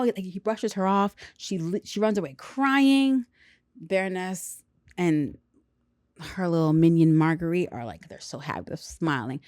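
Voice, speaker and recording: A woman casually recapping a film with lots of slang and quick acted-out character lines. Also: medium pitch, a little mellow, dry recording, studio quality. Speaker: movie reviewer.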